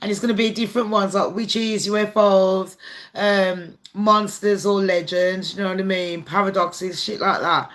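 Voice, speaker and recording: Chatty bright-voiced woman streamer. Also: mid-range voice, steady tone, normal speed. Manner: chatty, swears freely, laughs often. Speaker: livestream host. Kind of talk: casual live-stream chat.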